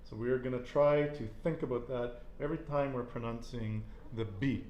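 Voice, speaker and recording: A man's voice: mid-range voice, fairly even intonation, moderate pace, darkish tone, muffled recording. Guy teaching spanish in an echoey room, repeats answers back, says excellent a lot, bit of hiss. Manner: encouraging, repeats answers and praises them. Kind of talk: casual Spanish lesson.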